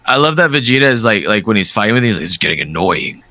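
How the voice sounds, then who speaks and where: A young man in casual chat as a podcast co-host, lively and agreeable, laughing and swearing often. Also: medium pitch, very fast.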